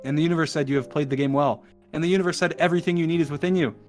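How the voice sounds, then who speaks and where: A man's voice: a little high, fairly even intonation, racing. A man streaming to a voice call, reading a long text aloud in a rush and breaking off for joking asides. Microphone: computer mic in a voice call. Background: soft added music.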